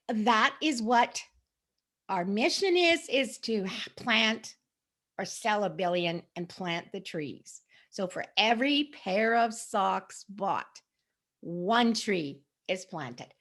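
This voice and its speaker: A middle-aged woman talks casually to camera as a sales associate. Her speech is chatty and rambling, full of restarts and asides. Her voice sits at an ordinary middle pitch. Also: lively intonation, takes it slowly, a bit bright. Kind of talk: casual product talk to camera.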